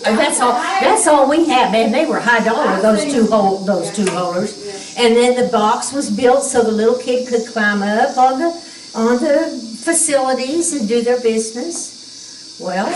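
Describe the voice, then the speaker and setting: A woman's voice: a little high, measured pace, noisy background. Older woman telling folksy stories. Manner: folksy, animated. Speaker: church member telling a story. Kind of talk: humorous personal storytelling. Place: church gathering room. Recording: roomy, distant mic.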